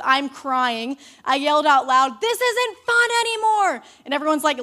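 A young woman youth leader giving a youth sermon, telling a personal story in a chatty, animated way with many "like"s. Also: sits high.

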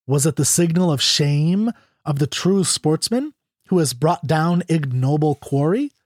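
Male narrator for a classic short story; measured, expressive, fairly high voice. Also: no room sound, clean studio sound.

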